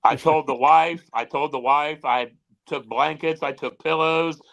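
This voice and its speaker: A man chatting casually on a podcast as a self-described newcomer, joking and telling stories in a relaxed way. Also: fairly high pitch, measured pace, gravelly, rough recording. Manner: laid-back, joking storyteller. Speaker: newcomer co-host.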